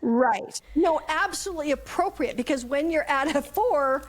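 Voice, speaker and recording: A bright, higher-voiced middle-aged woman storytelling. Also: normal speed. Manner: lively, acts out voices in her anecdotes. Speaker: guest mentor. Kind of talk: casual conversational storytelling.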